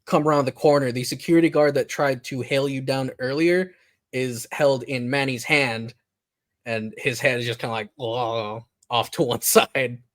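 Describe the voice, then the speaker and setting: Male game master, mid pitch, relaxed halting narration, casual podcast table talk.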